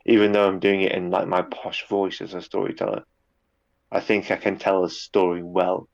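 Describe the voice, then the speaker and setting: Deep gravelly guy rambling through an interview, dull lo-fi sound. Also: moderate pace. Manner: relaxed, rambling with repeats and fillers. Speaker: guest, YouTube narrator. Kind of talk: casual interview chat.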